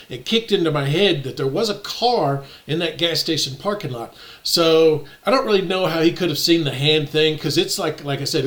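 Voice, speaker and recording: A man casually telling a personal story, animated and indignant as he acts out the exchanges. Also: a little high. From United States.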